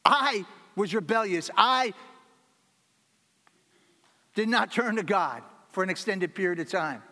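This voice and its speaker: High-voiced man preaching in a reverberant hall. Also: expressive, slow pace, pushed and bright. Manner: earnest preaching, repeating key phrases for emphasis. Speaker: pastor. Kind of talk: sermon.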